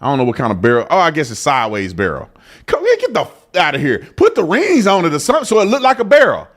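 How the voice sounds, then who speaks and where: Animated, lively-pitched male commentary host. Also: rapid-fire. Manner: animated, joking, talks straight to viewers. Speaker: host of a live commentary show. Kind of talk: live news commentary.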